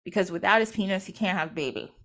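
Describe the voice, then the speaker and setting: A woman's voice: medium pitch, fast talker, fairly bright tone. A woman retelling a myth in casual storytelling style, chatty, acting out the characters through quoted dialogue. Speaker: podcast host or guest.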